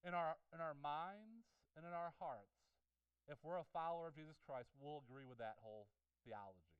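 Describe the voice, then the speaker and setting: A man's voice: a little high, normal speed, clean tone, no room sound, far from the mic, dull audio. A male pastor preaching a sermon with passion, often repeating words and asking the congregation rhetorical questions. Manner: impassioned, with many restarts and rhetorical questions.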